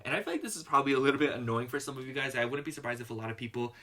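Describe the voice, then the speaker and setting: A man's voice: medium pitch, very fast, few pauses. A man giving a casual, rambling tarot reading to his viewers, full of "you know" and "like.". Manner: murmurs softly while shuffling and pulling cards. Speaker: tarot reader.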